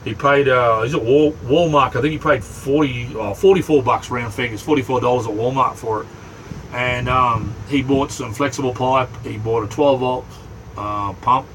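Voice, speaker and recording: A man's voice: mid-range voice, moderate pace, fairly bright tone, slight background noise, poor audio. Easygoing Australian man chatting on a livestream. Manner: easygoing, rambling, greets chatters by name. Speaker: livestream host. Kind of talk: casual livestream chat. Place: inside a small truck camper.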